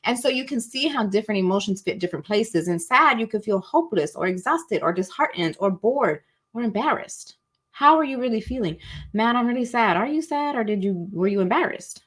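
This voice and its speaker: A woman's voice: mid-range voice, expressive, a little fast, husky. A woman hosting an online masterclass on emotions, chatty and colloquial, saying "y'all" and acting out example feelings in little voices. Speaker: masterclass host. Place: at home, cozy setting.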